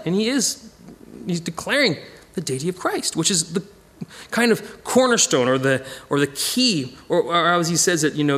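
A man teaching a casual Bible study, animated and digressive, chuckling as he goes. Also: high voice, normal speed.

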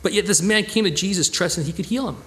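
A man teaches a Bible study in a loose, conversational way, with a voice pitched somewhat high for a man. He talks earnestly and with animated emphasis, often restarting his sentences as he works through a passage. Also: quick pace.

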